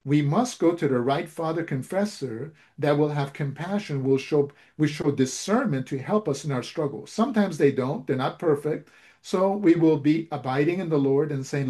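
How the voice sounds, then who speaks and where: A man's voice: fairly high pitch, expressive, normal speed, mellow. A man preaching a sermon, retelling a story and acting out its dialogue, with frequent restarts.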